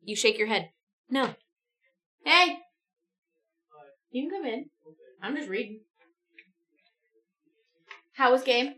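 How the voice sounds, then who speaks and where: A woman's voice: fairly high pitch, unhurried, long pauses, fairly bright tone. A young woman streaming a choose-your-own-adventure reading, chatty, breaking off with laughing asides. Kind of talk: live-stream story reading.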